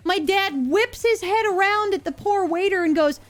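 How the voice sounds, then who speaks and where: A young woman telling a story in a casual, animated way and acting out the people in it. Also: moderate pace, few pauses. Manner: animated, acts out quoted people in lower voices.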